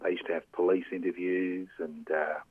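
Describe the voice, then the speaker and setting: An older man hosting a casual radio interview, speaking haltingly with many fillers. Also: low voice, level tone, breathy edge, no echo. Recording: tinny phone-like radio sound.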